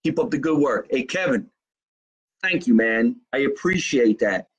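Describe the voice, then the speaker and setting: A middle-aged comedian from Jersey City talks in a thick New Jersey accent, loose and profane as he riffs on fan messages during a live stream. His voice is a little husky and sits at an ordinary pitch. He slows right down whenever he spells out contact details. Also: expressive. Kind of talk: casual live-stream chat reading fan comments.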